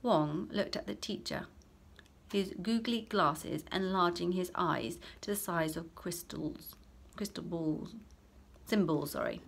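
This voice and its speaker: A woman, a primary school teacher, reading a children's story aloud to her class with expressive delivery. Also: on the low side, takes it slowly, gravelly, breathy edge.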